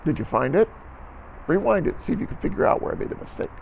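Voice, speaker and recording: Gravelly male band teacher, lively lilting pitch, counts beats aloud, dull lo-fi recording. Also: fast, a little hiss or hum. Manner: counts aloud, coaching, checks in with "okay?". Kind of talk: instructional music lesson video.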